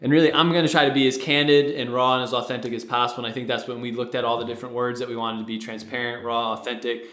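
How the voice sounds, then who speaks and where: A man's voice: medium pitch, level tone, racing, hardly any pauses, a bit bright. Chatty young man in an echoey room. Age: young adult. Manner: rambling, with many fillers and restarts. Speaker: podcast founder and co-host. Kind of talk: casual podcast chat. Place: studio with a producer present.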